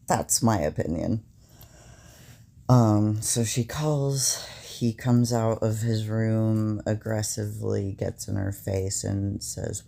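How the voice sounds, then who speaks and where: A young man recounting a stressful personal event in a halting, casual way, with many fillers. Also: lowish voice, gravelly, dark tone.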